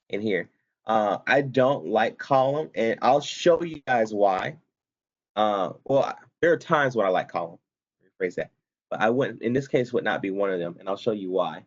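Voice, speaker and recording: A man's voice: mid-range voice, highs cut off. A man instructor talking students through a spreadsheet tutorial step by step, casual and self-correcting as he goes. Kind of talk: screen-recorded software tutorial.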